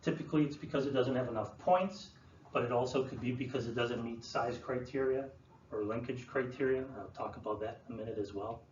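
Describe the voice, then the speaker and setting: A man presenting to an audience, explaining in a relaxed way with many fillers and restarts. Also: medium pitch, fairly quick. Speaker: land use planner presenting. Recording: roomy, distant, dull sound with faint room noise.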